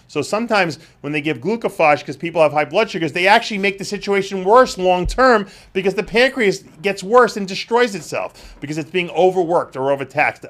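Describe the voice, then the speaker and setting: A man's voice: fairly high pitch, fairly bright tone. A man talks through listener questions in a loose, rambling way. He is full of "you know" and "uh" and often restarts his sentences. He sounds like a host speaking off the cuff in a studio. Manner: rambling, frequent fillers and restarts. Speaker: show host answering viewer questions. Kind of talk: casual live Q&A talk.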